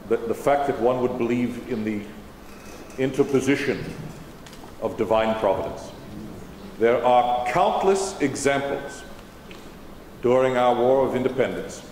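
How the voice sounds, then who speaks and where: A man's voice: medium pitch, darkish tone, roomy sound, big-room sound, a little hiss or hum, low-quality recording. A man interpreting a historical general on stage, speaking in formal eighteenth-century phrasing, recorded in a large auditorium. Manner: formal 18th-century diction. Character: General George Washington, dignified older statesman. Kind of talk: first-person historical portrayal.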